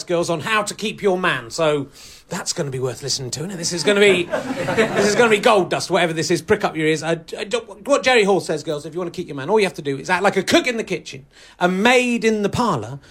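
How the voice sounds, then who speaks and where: A man doing a stand-up comedy set on stage, deadpan and ironic, sometimes working himself up into mock outrage. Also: sits high, quick pace. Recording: live audience laughter. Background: audience laughing.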